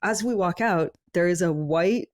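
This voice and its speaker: Woman co-host telling a lively story. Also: lowish voice, unhurried. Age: young adult. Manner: lively anecdotal storytelling, laughing between phrases. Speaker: podcast co-host. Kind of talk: casual chat.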